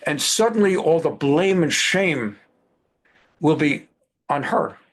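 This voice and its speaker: A man's voice: fairly high pitch, expressive, takes it slowly. A middle-aged male rabbi giving a Bible class in a conversational way, repeating phrases and glossing Hebrew words in English.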